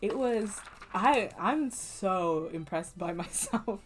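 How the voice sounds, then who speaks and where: A woman's voice: mid-range voice, lively intonation, slow, a little hiss or hum. Chatty young woman reviewing books. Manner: chatty and playful, laughs often. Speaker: book vlogger. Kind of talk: casual book review chat.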